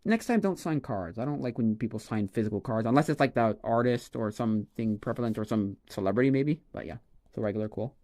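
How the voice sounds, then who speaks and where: A man on a casual livestream, rambling and exclaiming excitedly as he opens trading cards. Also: mid-range voice, fast talker. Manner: excitable, rambling, exclaims over each card. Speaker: streamer opening a card pack.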